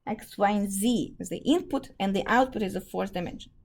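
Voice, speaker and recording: A woman teaching a math lesson in a hoarse voice, explaining step by step and often clearing her throat. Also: medium pitch, a little fast, a little mellow. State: hoarse from fever. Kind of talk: casual classroom lecture.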